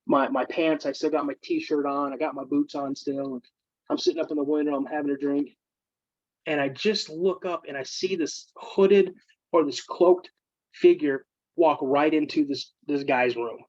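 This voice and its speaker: A man's voice: a little high, normal speed, no echo, highs cut off. A man, a military veteran, casually telling ghost stories from his service and acting out his friends' voices. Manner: animated, acts out friends' voices. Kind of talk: casual storytelling.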